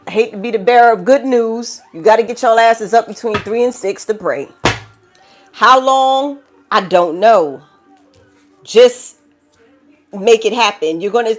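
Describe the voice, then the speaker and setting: A woman with a New York accent giving a collective tarot reading, blunt and profane, preaching to viewers and calling them child and baby. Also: a little high. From the Bronx, New York. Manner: blunt and profane, laughing through the talk. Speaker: tarot reader.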